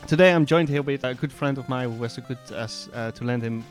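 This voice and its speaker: A man with a Dutch accent talks through his speedrun in a rambling, halting way, as casual voiceover commentary. His voice sits at an everyday middle pitch. Faint music plays behind him. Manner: rambling, hesitant explaining.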